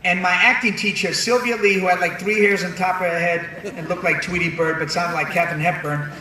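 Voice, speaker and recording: Man giving funny commencement speech, animated storytelling, high voice, booming echo, distant mic, crowd noise. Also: brisk. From New York City. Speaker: commencement speaker. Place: large ceremony venue. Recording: very echoey venue, distant mic, audience noise.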